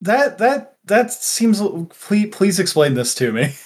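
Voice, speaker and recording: A man's voice: sits high, sing-song, takes it slowly, husky. A man hosting a tabletop game podcast, chatting casually and stammering when put on the spot. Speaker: podcast host and player.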